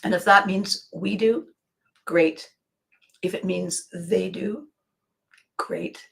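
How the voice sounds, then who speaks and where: An older woman hosting her own podcast, talking in a rambling, emotional monologue with frequent pauses. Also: mid-range voice, fairly even intonation, vocal fry. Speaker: podcast host. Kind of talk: personal monologue.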